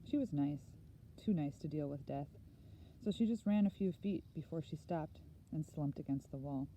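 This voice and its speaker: Woman audiobook reader with a low, very mellow voice, earnest and measured, slightly dull recording with faint hiss. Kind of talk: first-person novel reading.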